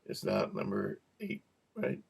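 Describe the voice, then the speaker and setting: A man teaching a cueing lesson, repeating practice words slowly and joking softly as he goes. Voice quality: gravelly. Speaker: cueing instructor. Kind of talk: relaxed teaching to camera.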